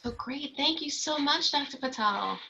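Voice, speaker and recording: A woman's voice: high voice, expressive, moderate pace, gravelly, bright, forceful tone, poor audio. A woman moderating a question session, friendly and a bit hesitant, with fillers. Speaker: event moderator.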